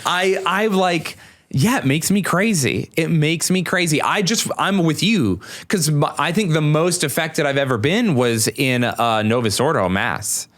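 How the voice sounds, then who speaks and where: A man, a stand-up comic, talking in a casual podcast conversation, animated and leaping up in pitch when he mimics people. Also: unhurried.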